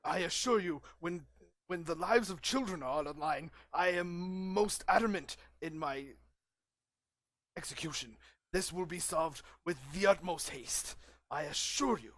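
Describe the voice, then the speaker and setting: A man voicing a formal, fretful old male wizard in a tabletop role-play, speaking in a stiff, halting way. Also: high voice, fairly bright tone, dry recording. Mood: solemn.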